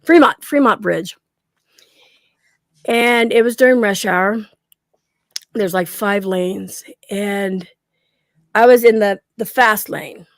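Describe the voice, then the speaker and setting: A woman's voice: mid-range voice, takes it slowly, pauses often, dry recording, clean studio sound. A middle-aged woman telling a story in a casual chat at home, acting out the quoted lines and laughing often. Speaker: guest.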